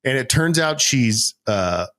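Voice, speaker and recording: A man in his thirties from Worcester, Massachusetts, co-hosting a podcast and telling stories in casual chat, acting out both sides of a conversation in a raised, animated voice. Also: medium pitch, slow. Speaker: podcast co-host.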